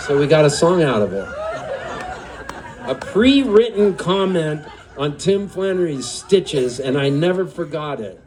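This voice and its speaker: A man's voice: a little high, sing-song, a little slow, a crowd in the background. A singer-songwriter telling a rambling, chatty story on stage at a live music venue, laughing often as he goes.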